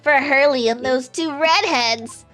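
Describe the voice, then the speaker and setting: A woman's voice: high voice, unhurried, fairly bright tone. A woman voicing a sweet, fretful young girl assistant in a game.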